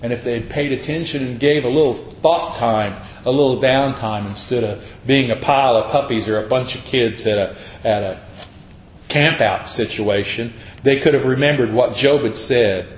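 A man preaching a sermon, telling Bible stories in a folksy, storytelling way. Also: moderate pace. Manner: folksy storytelling, acts out voices. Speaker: pastor. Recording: echoey lo-fi room with faint rumble.

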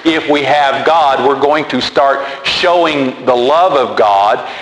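A man's voice: mid-range voice, fairly bright tone. A man preaching a sermon in a loose, conversational way, repeating words and going off on asides. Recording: roomy hall with long reverb and faint noise.

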